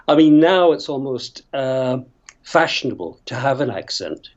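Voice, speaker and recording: An older actor from Northern Ireland, a guest in a storytelling interview, tells long, rambling stories full of tangents and chuckles. His mid-range voice is animated and darkish at a normal speed, with the highs cut off.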